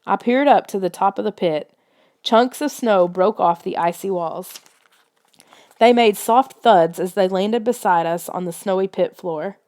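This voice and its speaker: A woman's voice: medium pitch, unhurried, a little mellow. A woman narrating a children's adventure book in a tense, suspenseful reading style. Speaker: audiobook reader. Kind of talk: scripted storybook narration.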